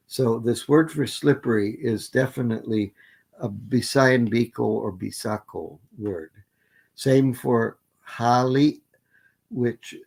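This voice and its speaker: An older man giving an academic plenary lecture, methodically listing word forms with frequent fillers and restarts. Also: medium pitch. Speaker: linguistics lecturer.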